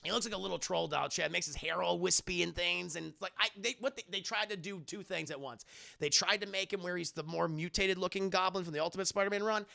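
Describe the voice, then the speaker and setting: A man's voice: high voice, fast talker, gravelly, sharp tone. A man giving a casual, profane, joking spoiler review of a film on a live stream. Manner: profane, joking, recaps scenes loosely.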